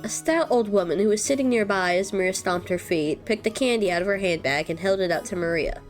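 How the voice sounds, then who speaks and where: A young woman reads a visual novel aloud for a let's-play, with a mid-pitched voice. She breaks off to react loudly between lines. Faint music plays behind her. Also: a little fast.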